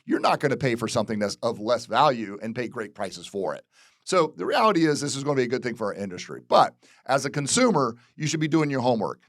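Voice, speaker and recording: A man's voice: mid-range voice, no echo, clean studio sound. A man from Florida, a real estate broker, talking candidly about industry changes, repeating phrases and restarting sentences as he goes. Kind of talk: casual commentary. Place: real estate office video.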